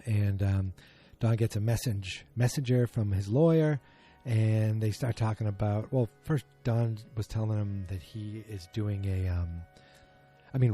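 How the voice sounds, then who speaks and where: Husky, deep-toned man rambling through a recap. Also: warm tone. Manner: rambling, filler-heavy, self-correcting. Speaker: podcast host. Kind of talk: casual TV episode recap. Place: at home beside a muted streaming screen.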